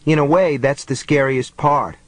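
A solemn young boy, as an audiobook narrator puts him on, lifting his voice a little higher for the part. He speaks in a quiet, grave tone, keeping it dry and close. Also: normal speed, dry recording, natural voice.

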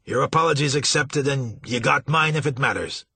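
A man puts on a blustering older steamboat captain, loud and blunt, with a folksy drawl. His voice is husky and bright, and his pitch climbs high when he shouts. The sound is close and dry. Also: normal speed, no room sound. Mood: gruff.

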